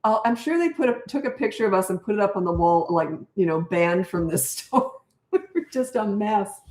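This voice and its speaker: This Canadian woman in her sixties talks in casual chat at an average pitch. She is a chatty, laughing storyteller who drifts off topic between her answers. Her voice carries a roomy echo. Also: lively intonation, quick pace, darkish tone. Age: 60s. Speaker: parenting coach answering viewer questions.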